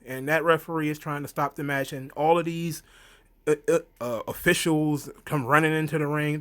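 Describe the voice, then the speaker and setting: A man talks through a wrestling event in a loose, rambling way. His voice sits a little high. He often jumps into quick acted-out lines and laughs along the way. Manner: animated storyteller, acts out quotes in high voices; frequent fillers, laughs often. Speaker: wrestling reviewer. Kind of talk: casual recap monologue.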